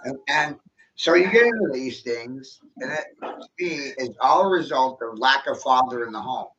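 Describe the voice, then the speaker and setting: A man's voice: medium pitch, animated, normal speed, fairly bright tone, dull audio, slight background noise. A man holding forth in a blunt, opinionated casual chat. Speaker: host.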